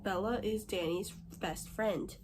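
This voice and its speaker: A teenage girl filming a casual book vlog on her phone, candid and dramatic, swinging between whispers and loud complaints. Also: mid-range voice, steady tone, measured pace, noisy background. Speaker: book vlogger. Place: bathroom.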